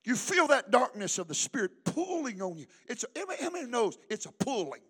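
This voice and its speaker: A male pastor with a very high, bright voice preaching at a church service. His delivery is fervent and emphatic, with a lively, swooping pitch as he calls on the congregation to answer back. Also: fairly quick, slightly rough. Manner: fervent, emphatic preaching with call-and-response prompts. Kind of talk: sermon.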